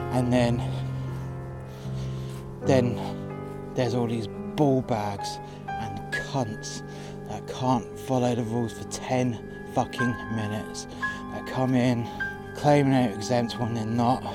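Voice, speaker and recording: Man, angry, swearing, monologue narration, mid pitch, guitar music underneath. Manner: furious, profane, ranting. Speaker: podcast narrator, door staff.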